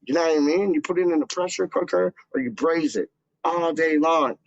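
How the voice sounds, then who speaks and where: A man's voice: on the high side, a little fast, no echo. A man chatting casually to camera as a fan channel host, rambling and slangy with lots of fillers. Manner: slangy, loose, full of "like" and "dog" fillers. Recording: dull lo-fi dry sound.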